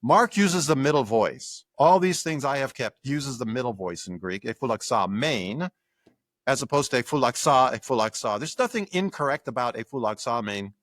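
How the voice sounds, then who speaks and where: An older man, a guest scholar in an interview, explaining with lively examples and acted-out quotes. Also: mid-range voice, moderate pace, dry recording. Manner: animated explainer acting out examples.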